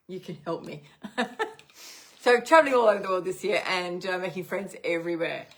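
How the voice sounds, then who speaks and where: A woman's voice: fairly low pitch, normal speed. A woman co-hosting a casual travel chat, teasing her friend and laughing often. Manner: giggly, teasing. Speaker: co-host.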